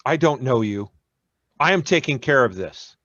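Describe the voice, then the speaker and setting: A man's voice: medium pitch, animated, normal speed, a bit bright, no room sound, lo-fi sound. A man playing a curt, guarded village mayor. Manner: terse and dismissive.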